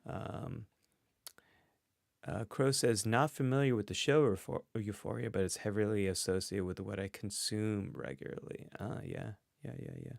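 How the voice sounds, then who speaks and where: A man's voice: fairly low pitch, fairly even intonation, normal speed, vocal fry, no room sound, clean studio sound. A man hosting a casual livestream, thinking aloud and reading out chat comments. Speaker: host and psychologist. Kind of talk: casual livestream guessing game.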